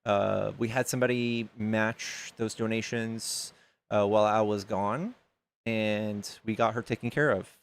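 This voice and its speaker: A man's voice: lowish voice, fairly even intonation, measured pace, gravelly, clear, resonant tone. A man hosting a live stream, loose and joking, swearing casually and reading donations aloud to his chat. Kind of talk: casual livestream chat and debate.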